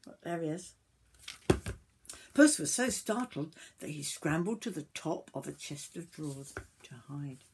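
An older woman reading a picture book aloud to children, gentle and stopping to point at the pictures. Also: deep voice, animated, unhurried, noisy background. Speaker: storyteller grandmother.

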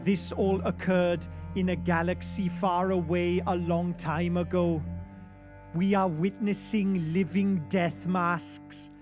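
A man's voice: sits high, flat delivery, music in the background. A man doing a brooding German narrator. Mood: solemn, brooding. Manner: slow, solemn, portentous narration.

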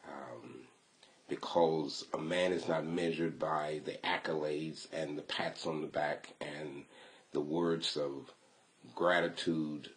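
A middle-aged man speaking to his son as a father, in a measured, reverent, preacher-like way, quoting scripture. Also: a bass voice, fairly even intonation. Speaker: father giving a blessing. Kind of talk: preacher-like spoken blessing.

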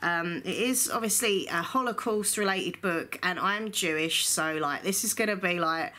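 A woman with a bright, clear voice talks through her new books in a relaxed home vlog. She rambles and gushes with excitement, chatty and informal. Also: fairly low pitch, normal speed. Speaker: book vlogger. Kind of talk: casual book haul chat. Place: indoor room at home.

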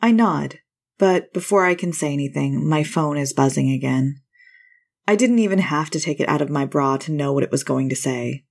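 Low-voiced woman narrating a story. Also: normal speed, creaky.

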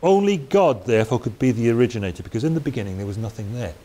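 With a mellow, lowish voice that moves rapid-fire, this Welsh preacher teaches from the Bible in a relaxed, talky way, wandering into asides and starting sentences over. A faint hiss runs under the audio.

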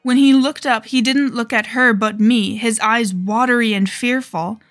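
A woman's voice: on the high side, fairly even intonation, moderate pace, no echo, faint music behind. Southern-accented woman, horror podcast narrator; tense, dramatic delivery, dry close mic. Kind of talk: first-person horror narration.

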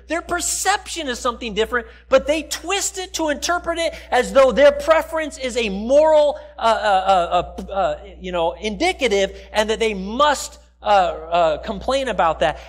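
A man with a very high-pitched voice delivers a sermon in a church. His preaching is conversational and down to earth, and he slips into the voices of the people he quotes. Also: fairly bright tone. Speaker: pastor. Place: church sanctuary.

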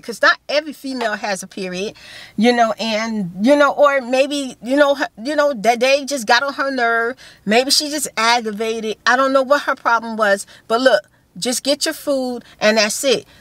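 A woman's voice: high voice, fairly bright tone, no echo. A woman vlogger telling a rambling story in casual chat, with many you-knows and restarts, in a whispered role-play style.

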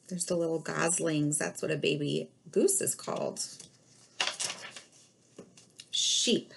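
A woman, a kindergarten teacher, reading a picture book aloud to her class in a slow, expressive way. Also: low voice, vocal fry, breathy edge.

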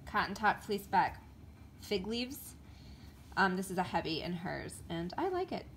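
A woman's voice: medium pitch, sing-song, a little slow, a little hiss or hum. A woman chatting casually to camera in a show-and-tell vlog, stumbling over names and filling gaps with ums. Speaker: vlogger.

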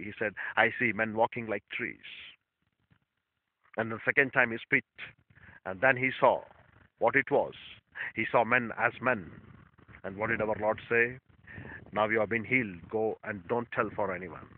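A male pastor preaching a sermon in emphatic, non-native English, repeating phrases and swinging between loud stresses and quiet asides. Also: medium pitch. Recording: tinny phone-like dry sound.

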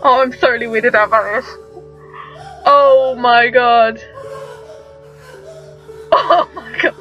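Young woman, high voice, reaction vlogger, incredulous exclaiming, stumbling restarts, dull lo-fi audio. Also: fairly even intonation, slow pace, pauses often. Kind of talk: reaction video commentary. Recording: dull lo-fi sound with faint music.

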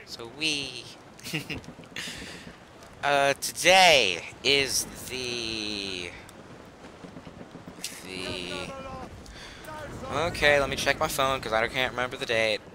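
Teen guy, let's play host, rambly and goofy, mid pitch, noisy home mic. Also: expressive, extremely slow, long pauses. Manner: rambling, chatty and silly, trails off mid-sentence. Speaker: gaming channel host. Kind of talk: casual let's play commentary.

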